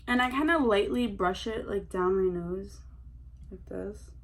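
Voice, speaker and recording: A young woman chatting excitedly as a beauty vlogger while doing her makeup, full of slang and filler words. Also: mid-range voice, a little slow.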